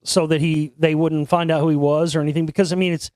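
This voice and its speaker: A man's voice: on the high side, flat delivery, fast, darkish tone, no room sound. Rambling man telling a story, dry mic. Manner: rambling, repeats and restarts, swears casually. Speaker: podcast host. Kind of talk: casual storytelling monologue.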